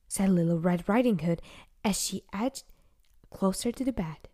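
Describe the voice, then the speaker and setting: A woman narrating a fairy tale in a gentle, unhurried storybook manner, sometimes dropping to a whisper. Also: medium pitch.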